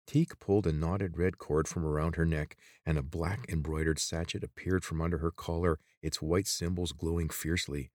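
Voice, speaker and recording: A man narrating an audiobook in a steady, even storytelling manner. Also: sits low, fairly quick, few pauses, no echo, studio quality.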